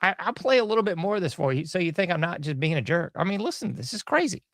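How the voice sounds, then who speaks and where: A man's voice: high-pitched, sing-song, quick pace, no room sound, studio quality. A man hosting a podcast, giving a rambling, sarcastic commentary monologue with mocking asides. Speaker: podcast host.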